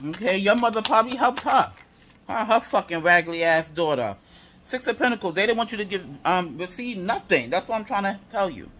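A man's voice: high-pitched, expressive, a little fast, a bit bright, a little hiss or hum. A man giving a tarot reading to viewers, heated and profane, piling up repeated affirmations. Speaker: tarot reader.

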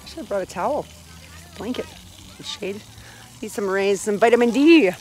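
A woman filming her son at an outdoor spray park on her phone, rambling casually with fillers and laughs, her voice a bit hoarse. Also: mid-range voice, animated, moderate pace, noisy background. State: hoarse from screaming.

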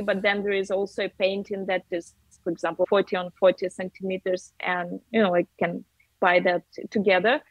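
A woman with a Russian accent, a native Russian speaker, chatting as an interview guest in halting English and searching for words. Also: mid-range voice, no echo, low-quality recording. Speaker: artist guest. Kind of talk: casual interview chat.

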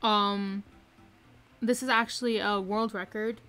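A woman streaming a game live from her room, excitedly commenting and repeating herself with hyped exclamations. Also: mid-range voice, slow pace, clear, resonant tone, soft background music. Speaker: gaming streamer.

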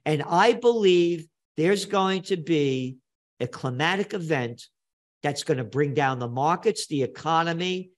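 An older New man tells his story in an interview, blunt and emphatic, hammering key phrases home. His voice sits a touch higher than most men's. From New York. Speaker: guest. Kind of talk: animated storytelling interview talk.

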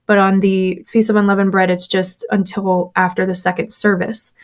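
Speaking at a moderate pace in a medium pitch that barely moves, this former church member is a guest in an interview. Her personal story comes out candidly and full of fillers, and she performs the voices of those she quotes.

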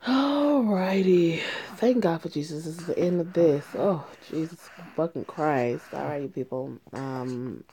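A woman's voice: deep voice, normal speed, hardly any pauses, dark tone. A woman commentating her playthrough of a story game, blunt and swearing freely. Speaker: gaming video host.

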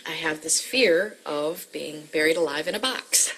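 Nervous giggly patient, slow speech, heavy background noise. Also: female voice, deep voice. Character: nervous woman patient fearing burial. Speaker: patient in a sketch. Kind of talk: comedy sketch acting.

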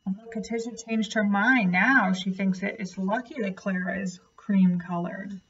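A woman reading a picture book aloud to a child, gently pointing out and explaining the pictures. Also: mid-range voice, fairly even intonation, moderate pace, breathy edge, recorded from a distance, highs cut off. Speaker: storyteller.

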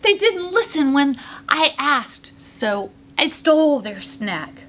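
A woman's voice: sits high, big pitch swings, slow, fairly bright tone, full character voice. A woman voicing an earnest young male lion in a children's storybook. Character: young male lion, scared then proud.

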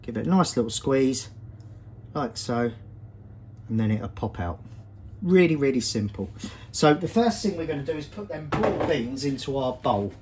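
A man of average pitch hosts a cooking demonstration in a kitchen. He talks in a relaxed, chatty way, guiding viewers step by step. Faint noise sits underneath his voice. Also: moderate pace. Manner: chatty, walks viewers through each step. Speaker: cooking show host.

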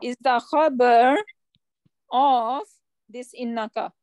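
A woman with a high voice teaches a grammar lesson, explaining patiently and asking her students questions as she goes. Her speech comes through dry and close, with no room sound around it. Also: steady tone, slow pace, a little mellow, dry recording. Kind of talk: online class lesson.

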